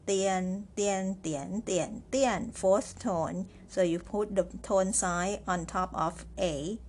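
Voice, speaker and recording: Give me a woman language teacher who speaks very slowly and repeats each word like a dictation test. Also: on the low side. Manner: spells pinyin letter by letter and repeats words. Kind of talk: slow, careful lesson dictation.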